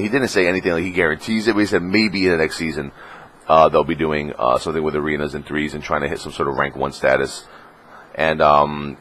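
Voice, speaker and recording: A young man with a deep, slightly husky voice tells a casual vlog story. He swears constantly and jumps into a high pitch whenever he quotes someone. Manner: excitable, profane, acts out quotes in a high voice. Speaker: gaming vlogger.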